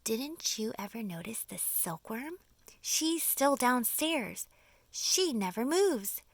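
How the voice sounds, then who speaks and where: A woman voicing a wise old male grasshopper in an audiobook, with sharp, lively questions. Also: fairly high pitch, slow pace, dry recording, voice pushed up, full character voice. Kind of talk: audiobook character voice.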